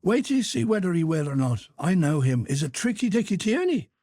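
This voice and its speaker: A man's voice: sits high, very animated, fairly quick, darkish tone, no room sound, clean studio sound, voice pushed up. A man voicing a bitter, defiant working-class man who talks emphatically in an audiobook. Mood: indignant.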